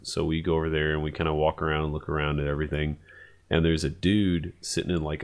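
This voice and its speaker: A man telling a funny story in casual chat, animated and profane, acting out what people said. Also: very deep voice. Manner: animated, profane, acts out quotes.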